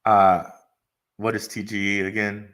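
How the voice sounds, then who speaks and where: A man co-hosting a casual livestream, talking hesitantly with many pauses and restarts. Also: lowish voice, flat delivery, a bit bright. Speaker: co-host.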